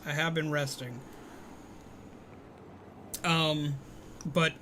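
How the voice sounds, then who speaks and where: A man casually chatting on a live stream, answering viewers, rambling with fillers and quick to laugh. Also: on the high side, slight background noise. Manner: rambling, many fillers, laughs easily, greets viewers loudly.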